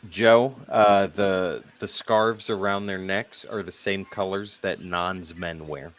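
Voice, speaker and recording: A man narrating a tabletop game as game master in a relaxed, descriptive way. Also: low-pitched, slow.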